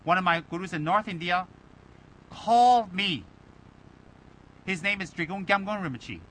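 A man speaking as a Buddhist lama, loose and talkative with his students, who keeps firing rhetorical questions and mimicking the people who criticize him. His voice sits high and sounds bright and forceful. A faint low rumble, like a passing vehicle, runs behind him. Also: normal speed, poor audio. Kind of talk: informal dharma talk to students.

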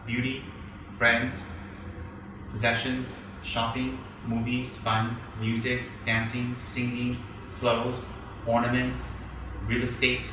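A man giving a Buddhist dharma talk, animated, mimicking people and rising into loud indignation. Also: medium pitch. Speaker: Buddhist teacher. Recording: echoey hall, picked up from a distance, with background noise.

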